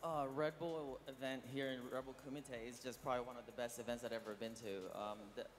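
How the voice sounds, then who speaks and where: A male player from the Philippines answers interview questions in an earnest, grateful and slightly halting way. His voice is recorded at a tournament venue with a long hall reverb. A faint noise hangs behind him. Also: mid-range voice, steady tone. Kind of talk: post-match interview.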